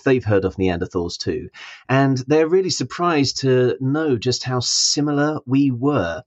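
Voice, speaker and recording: Storyteller guy chatting on a podcast, friendly, lots of ums, kinda dull lo-fi sound. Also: medium pitch. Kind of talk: podcast interview and read promo.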